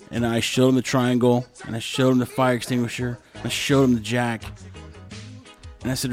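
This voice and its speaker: A man from Texas telling casual stories to camera in a lively way, acting out both sides of the dialogue. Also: mid-range voice, moderate pace, soft background music. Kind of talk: casual storytelling.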